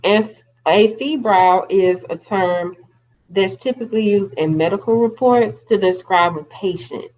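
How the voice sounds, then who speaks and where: A woman's voice: mid-range voice, unhurried, lo-fi sound. A woman teaching a class, explaining terms step by step in a plain-spoken way. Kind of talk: classroom lecture.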